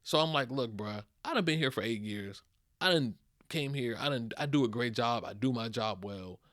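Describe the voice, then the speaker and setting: A young man hosting a podcast, telling a story in a casual monologue, venting and animated, with heavy slang and swearing, sounding worn out. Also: mid-range voice, normal speed, no room sound, studio quality. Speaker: podcast host.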